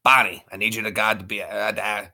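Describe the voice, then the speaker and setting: A man putting on a gruff, low, growling cartoon barkeep who bosses the room and speeds through his lines. The tone is pushy and rough. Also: little pitch movement, brisk, sharp tone, exaggerated voice. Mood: bossy. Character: gruff middle-aged male cartoon bartender.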